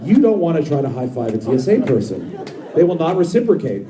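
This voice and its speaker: A man in his thirties does brash, profane live stand-up in a club, trading banter with the crowd. His voice is on the high side, brisk and full of pitch swings. The echoey club is picked up by a distant mic, with background noise and audience laughter.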